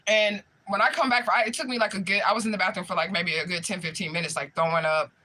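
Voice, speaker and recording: Young guy with a high, super bright voice, cursing his way through a work story, laughing a lot. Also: quick pace. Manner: profane, animated, laughs while retelling. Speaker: spiritual medium livestream host. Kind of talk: casual storytime rant.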